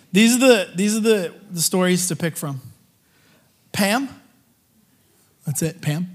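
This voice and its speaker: A man preaching to a live group, telling a funny testimony story in an animated, joking way. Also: a little high. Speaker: guest preacher.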